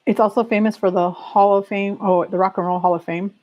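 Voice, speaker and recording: A woman's voice: medium pitch, fairly even intonation, a little fast, muffled recording. A woman hosting a casual chat stream. She reads aloud, reacts with strong opinions, laughs often and talks straight to her viewers. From California. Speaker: livestream host.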